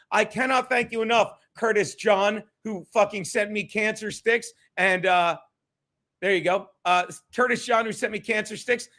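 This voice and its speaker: A man with a very high, bright voice hosts a livestream. He rants about critics with a lot of swearing and a combative edge, then thanks his viewers one by one. His delivery stays loose and conversational. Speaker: livestream host. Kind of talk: ranting livestream talk.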